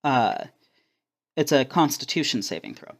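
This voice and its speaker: A man acts as game master for a tabletop role-playing session. He narrates slowly and haltingly, filling gaps with ums and uhs. His pitch sits in an ordinary middle range. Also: animated. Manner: hesitant, many ums and uhs.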